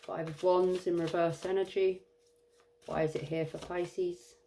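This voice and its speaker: A tired woman giving an intuitive tarot reading, musing and halting with many fillers. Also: fairly low pitch, little pitch movement, mellow, a little hiss or hum. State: tired, yawning. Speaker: tarot reader.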